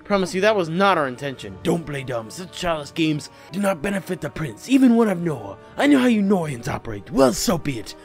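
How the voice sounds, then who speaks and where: A man voicing a stern older village chief who speaks gravely, over game music. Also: a little high, very animated. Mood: accusing. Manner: grave, measured.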